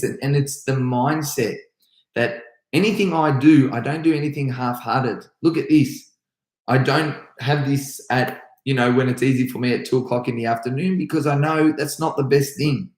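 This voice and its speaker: A man's voice: medium pitch, normal speed, darkish tone, echoey room, poor audio. An Australian man, a karate instructor hosting a live stream, answering viewers' comments in an upbeat, chatty way full of restarts.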